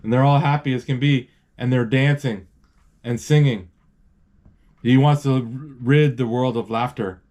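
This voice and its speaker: A man talking through a cartoon movie as it plays, casual and loose. He rambles, stops mid-word and starts over, and reads out lines from the screen. His pitch sits in an ordinary middle range. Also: steady tone, a little slow, a little mellow. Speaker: movie describer. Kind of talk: casual live movie narration.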